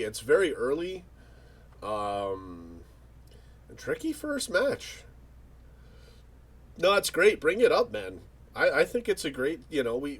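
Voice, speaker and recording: Husky guy rambling on a livestream, lots of joking banter, voice bounces all over. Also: fairly high pitch. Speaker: livestream host. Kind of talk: casual live chat reading comments.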